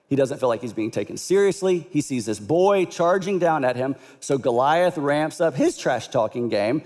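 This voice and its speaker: Brief: higher-pitched male preacher, lively casual storytelling, big echoing hall. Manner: animated storytelling, casual and conversational. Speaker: pastor. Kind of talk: sermon.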